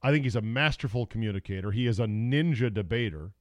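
A man's voice: lowish voice, quick pace, no echo, clean studio sound. A man hosting a podcast, talking casually in a blunt, crude, jokey way. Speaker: podcast host. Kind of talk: casual opinionated podcast talk.

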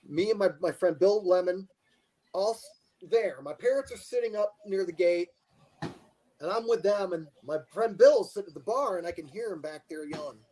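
Older male guest; high, very animated voice; rambling anecdote-teller. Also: normal speed, slight background noise, low-quality recording. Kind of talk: casual storytelling.

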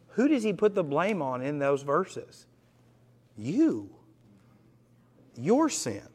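A man leading an evening Bible study as pastor, earnest, slowing and dropping his voice for emphasis and asking the group questions. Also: on the high side, sing-song.

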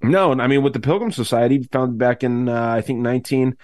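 A man's voice: medium pitch, brisk, darkish tone, dry recording. A man hosting a talk podcast, his voice in a middle register. He rambles through loose, profane thoughts, restarting sentences as he goes. The recording is close and dry. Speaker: podcast host. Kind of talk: casual chat.

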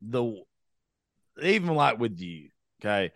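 A man's voice: fairly low pitch, big pitch swings, slow, a bit bright, no echo, clean studio sound. A young man hosting a podcast, talking bluntly in a casual, profane rant. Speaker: podcast host.

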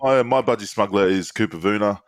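Deep-voiced laid-back man. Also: fairly quick, dry recording. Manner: laid-back storytelling with frequent ums and laughs. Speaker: podcast co-host. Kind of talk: casual banter.

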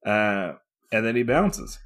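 Animated, laughing man reviewing comics. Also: on the low side, takes it slowly. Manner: animated, swears, laughs often, acts out characters' lines. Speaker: podcast co-host. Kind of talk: casual comic book review chat.

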